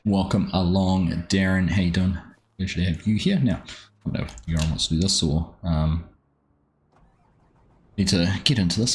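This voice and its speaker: Male streamer host, deep voice, easygoing chatter, greets viewers by name. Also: moderate pace, long pauses, slight background noise. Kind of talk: casual live-stream commentary.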